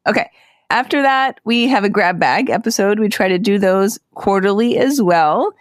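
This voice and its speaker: A woman co-hosts a podcast in a light, teasing way and reads out article titles. Her pitch sits mid-range for a woman. The recording is close and dry. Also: animated, normal speed, no room sound. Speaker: podcast co-host. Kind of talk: casual podcast chat.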